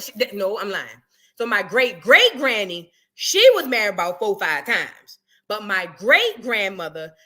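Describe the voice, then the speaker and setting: Animated, high-voiced woman streamer. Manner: animated, chatty, swings between loud exclamations and muttered asides. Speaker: livestream reaction host. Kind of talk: casual livestream chat reading super chats.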